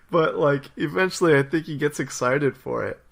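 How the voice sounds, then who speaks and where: A young adult man co-hosts a podcast, chatting casually in an upbeat, teasing way and laughing often. His voice is a little high and gravelly, at a moderate pace.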